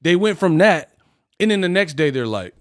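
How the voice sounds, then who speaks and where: A man's voice: sits high, moderate pace. A man hosting a live stream, ranting animatedly in casual talk and laughing often. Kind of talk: casual reaction rant.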